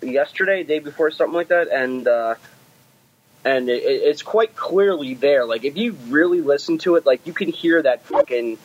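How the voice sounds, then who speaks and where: A man hosting a podcast in casual, animated, rambling chat, swearing freely. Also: on the high side, moderate pace, dull audio. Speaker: podcast host.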